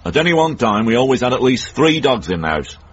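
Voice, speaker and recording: An actor playing a cantankerous older northern man in a radio comedy drama, blunt and gruff with a Northern English accent. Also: medium pitch, big pitch swings, fast. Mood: grumbling. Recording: dull old radio broadcast.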